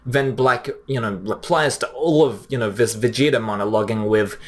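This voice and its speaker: A young man giving casual, chatty commentary, often pausing with fillers and restarting his sentences. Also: mid-range voice. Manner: chatty, frequent fillers, restarts, reads quotes plainly. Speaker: anime commentary host. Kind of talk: casual commentary comparing dub lines.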